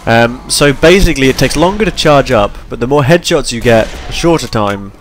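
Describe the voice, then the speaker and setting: A man's voice: mid-range voice, animated, normal speed, slight background noise. A tired young man giving rambling, chatty commentary over his gameplay, yawning between points. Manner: rambling, chatty, self-deprecating.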